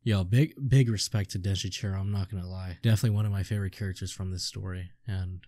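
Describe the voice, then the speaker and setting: A man's voice: deep voice, fairly even intonation, fast, warm tone, no echo, studio quality. A young man reading a manga aloud and reacting, swearing often and exclaiming in awe. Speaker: streamer.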